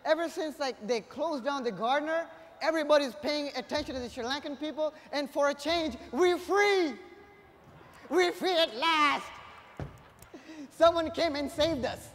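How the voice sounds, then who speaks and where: A young man performing a stand-up comedy set on stage, punchy and energetic, with bursts of shouting. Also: very high voice, a little fast. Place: live comedy stage before an audience. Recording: long hall reverb.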